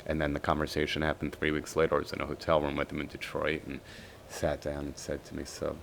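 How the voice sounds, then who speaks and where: A man in his forties, a podcast guest telling a lively story and acting out what others said. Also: rumbling low, quick pace, vocal fry, background noise. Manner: lively storyteller who acts out quoted dialogue. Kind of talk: storytelling interview.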